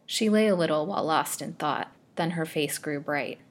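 Low-voiced woman reading a serial novel. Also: moderate pace. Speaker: storyteller. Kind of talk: scripted narration of a serial novel.

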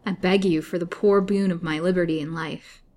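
A woman's voice: on the low side, fairly even intonation, normal speed, close to an everyday voice. Woman reading as a frail, proud young captive. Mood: desperate pleading. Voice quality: soft, flute-like. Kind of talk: storybook reading.

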